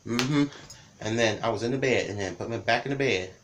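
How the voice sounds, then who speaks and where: A man's voice: medium pitch, brisk, background noise. A man in his thirties casually telling childhood stories in a rambling, repetitive way with many restarts. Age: 30s. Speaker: vlogger. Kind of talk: casual storytelling.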